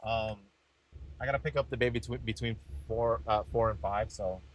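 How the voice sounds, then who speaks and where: A man's voice: on the low side, normal speed, low-quality recording. A man streaming live as a delivery driver, chatting casually and answering his viewers' messages. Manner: relaxed, talks back to viewers' messages.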